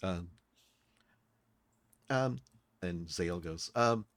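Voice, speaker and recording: A man's voice: low-pitched, lively intonation, moderate pace, a bit bright, no room sound. A man narrating as dungeon master of a tabletop game, laid-back and playful. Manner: laid-back, playful, slips into character voices.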